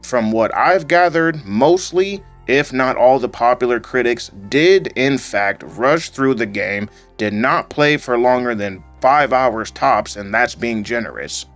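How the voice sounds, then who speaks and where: A man reading a scripted gaming video essay into a home microphone, in a calm, fairly monotone way with occasional rises. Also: mid-range voice, a little slow, few pauses. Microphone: home microphone voice-over. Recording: faint background music under voice-over.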